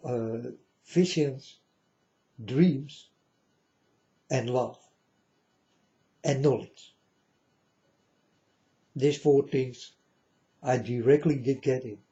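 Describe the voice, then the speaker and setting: Slow, dark-voiced man preaching to viewers. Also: fairly high pitch, muffled recording. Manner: slow, repetitive, keeps asking "you understand?". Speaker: channel host. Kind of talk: religious monologue to viewers.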